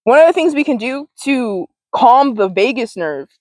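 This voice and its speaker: Here the wellness host speaks at a normal pace, her voice a little high and darkish with lively intonation. Informal and slangy, she rambles to camera, repeats herself, laughs frequently, and curses occasionally. The recording is rough but free of room sound.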